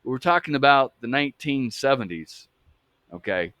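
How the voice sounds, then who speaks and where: A man's voice: medium pitch, lively intonation, normal speed, a bit bright, dry recording. A man in his fifties from the US South, talking in an emphatic, profane monologue that keeps checking in with his listeners. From Atlanta, US South. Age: 50s. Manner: emphatic, profane, keeps asking "okay?" and "folks". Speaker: true-crime channel host. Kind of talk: casual monologue.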